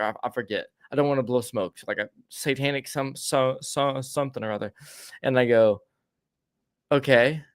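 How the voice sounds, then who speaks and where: A podcast co-host rambles through a story in casual chat, trailing off and stammering through restarts. His smooth, ordinary middle-pitched voice moves at normal speed, recorded dry and close with no room sound.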